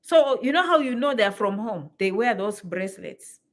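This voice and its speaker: A woman, telling stories to her viewers in a lively, exclamatory way and repeating phrases for emphasis. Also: medium pitch, moderate pace. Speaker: vlogger. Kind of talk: animated storytelling to camera.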